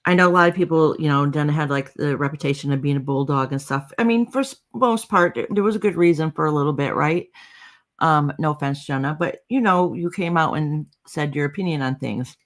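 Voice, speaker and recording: A woman's voice: low-pitched, brisk. A woman co-hosting a casual live-stream chat, talkative and often laughing. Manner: chatty, laughing, mixes up names. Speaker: co-host of a live chat show.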